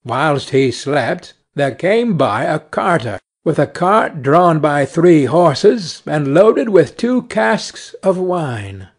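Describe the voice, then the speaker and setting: Guy reading a fairy tale real slow and clear, kinda gravelly, slightly high voice. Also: sing-song. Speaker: narrator. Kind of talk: slow storybook narration for English learners.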